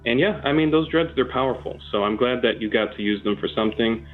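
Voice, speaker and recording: A man's voice: medium pitch, quick pace. Guy joking around all mock serious, ums everywhere, sounds like a phone line, faint music. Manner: mock-earnest, rambling with fillers. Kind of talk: casual joking chat.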